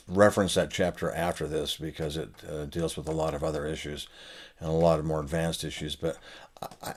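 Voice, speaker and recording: An older man explaining musical phrasing in a relaxed spoken lesson, pausing with fillers as he thinks aloud. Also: sits low. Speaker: saxophone teacher and author. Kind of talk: casual spoken lesson to camera.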